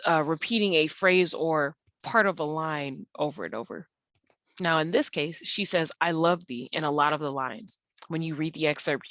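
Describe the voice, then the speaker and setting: Woman teacher, low voice, dry close sound, patient slide walkthrough, lots of ums. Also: a bit bright, dry recording. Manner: patient, explanatory, with frequent ums and uhs. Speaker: English teacher. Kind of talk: online tutorial walkthrough of slides.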